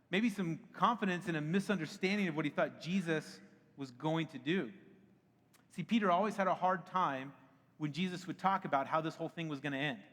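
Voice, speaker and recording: A man in his thirties preaching from a church stage, talking to the crowd like he is chatting with friends and often laughing at himself. His voice sits a little on the high side. The sound rings with the long echo of a large worship hall. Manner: conversational and animated, laughs often. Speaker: pastor. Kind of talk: sermon. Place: church auditorium.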